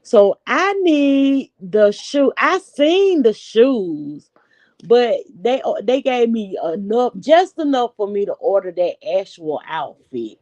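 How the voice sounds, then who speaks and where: Unhurried woman in her forties, dry close sound. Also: a little high, sing-song, darkish tone, no room sound, highs cut off. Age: 40s. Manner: chatty, unhurried, talks straight to viewers. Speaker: live stream host. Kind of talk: casual live-stream chat.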